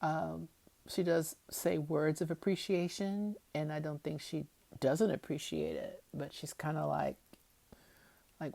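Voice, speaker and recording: A woman's voice: low-pitched, fairly even intonation, unhurried, vocal fry, dark tone, no room sound. A woman giving a chatty, wry recap of a TV episode, with lots of fillers as she talks it through. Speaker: TV episode commentator.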